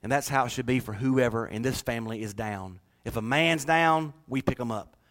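Southern male pastor, folksy sermon, bright ringing tone. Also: medium pitch, normal speed. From North Carolina. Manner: folksy, joking with the congregation. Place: church.

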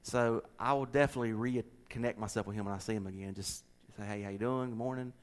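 A middle-aged pastor with a Southern US accent tells a story in casual talk. His delivery is animated, and he stumbles and repeats words as he goes. His voice sits at an ordinary pitch. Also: quick pace, clear, resonant tone. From American South. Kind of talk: casual chat with co-hosts.

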